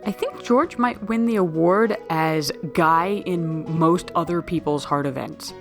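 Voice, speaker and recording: A woman's voice: lowish voice, a little slow, soft background music. A woman chatting casually with friends over a game, making wry, rambling observations. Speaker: let's play co-host. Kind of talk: casual gameplay chat.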